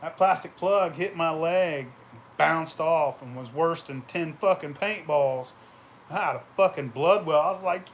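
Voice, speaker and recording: A man's voice: fairly high pitch, moderate pace, slight background noise. A man vlogging casually, telling rambling, profane anecdotes and laughing as he goes. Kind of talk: casual storytelling.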